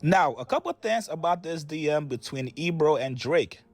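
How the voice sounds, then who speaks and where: A man's voice: fairly high pitch, lively intonation, moderate pace. A man narrating a gossip commentary video in a wry, chatty way, speaking straight to viewers.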